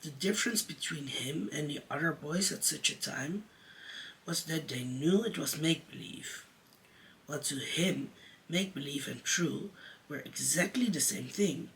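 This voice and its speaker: A man who performs as a drag queen reads a children's story aloud at a slow, deliberate pace. His tone is bright and crisp, and he sits a little back from the microphone. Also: on the high side, animated, recorded from a distance, slight background noise, rough recording.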